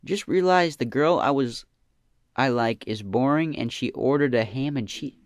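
A young man hosting a comedy podcast, answering listener questions in a deadpan slacker drawl that trails off with "man" and "bro". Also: mid-range voice, no echo, clean studio sound.

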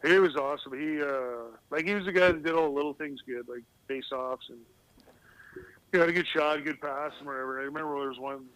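Brisk and a bit bright, this fairly high-pitched man is heard in a dry, low-quality recording. Once a professional hockey player and now middle-aged, he guests on a casual podcast, spinning rambling stories and cracking up at his own anecdotes.

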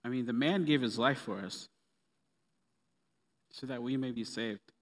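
A man preaching a sermon in a relaxed, conversational way with playful asides. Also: medium pitch, measured pace. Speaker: pastor. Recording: long reverb of a hall.

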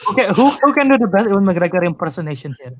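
A man hosting a casual podcast chat, animated and rambling, laughing easily. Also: high voice, racing. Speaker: podcast host.

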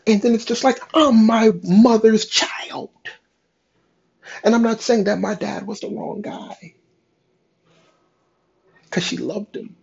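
A young man talking in a raw, halting, emotional confessional monologue, cursing often. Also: high-pitched, vocal fry, a little mellow, slightly rough. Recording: dull lo-fi sound.

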